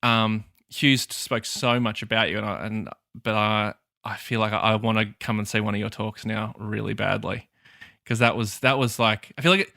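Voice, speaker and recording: Male co-host on a video call, bright dry voice, earnest and halting. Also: lowish voice, steady tone, creaky, no room sound. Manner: earnest, halting, searching for words. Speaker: podcast co-host. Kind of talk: casual chat.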